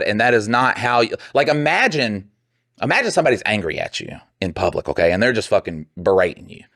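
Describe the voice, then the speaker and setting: A young man co-hosting a casual podcast, rambling and heated, swearing often and mimicking other people in quick bursts. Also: mid-range voice, fairly bright tone, no echo, studio quality. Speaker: podcast co-host.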